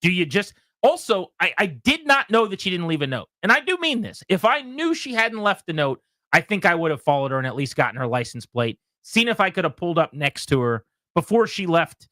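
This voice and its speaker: Animated man telling a story on the radio. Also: high-pitched, a little fast, hardly any pauses, no room sound, studio quality. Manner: animated storyteller, acts out voices in quotes. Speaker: radio show host. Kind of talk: casual sports radio chat, telling a story.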